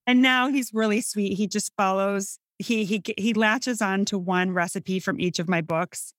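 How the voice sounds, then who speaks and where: A middle-aged woman from the Midwest with a Midwestern American accent, talking in a chatty, animated storytelling way in a casual conversation. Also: medium pitch, unhurried, no room sound, studio quality. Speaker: cookbook author guest.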